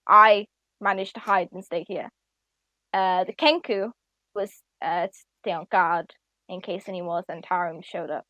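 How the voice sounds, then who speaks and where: A woman's voice: on the low side, steady tone, unhurried, pushed and bright, no room sound, dull audio. A woman running a tabletop game as dungeon master, narrating hesitantly with fillers and laughs.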